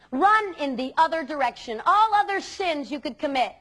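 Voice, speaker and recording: Addressing a room of students at normal speed, a high-voiced woman who works as a youth speaker talks earnestly and emphatically. She leans hard on key words, keeping her delivery lively and animated.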